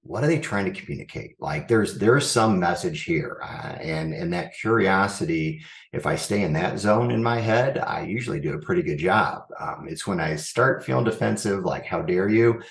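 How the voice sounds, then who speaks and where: Man in an echoey room, low voice, earnest guest who thinks out loud. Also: moderate pace, vocal fry. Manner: earnest, thinks aloud with frequent restarts. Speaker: school superintendent guest. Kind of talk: reflective interview answers.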